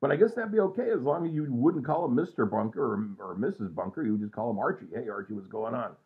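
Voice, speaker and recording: A man's voice: medium pitch, expressive, quick pace. A man in his sixties rambling casually and self-mockingly at home at night, trailing off with lots of fillers. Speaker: vlogger. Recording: tinny phone-like sound.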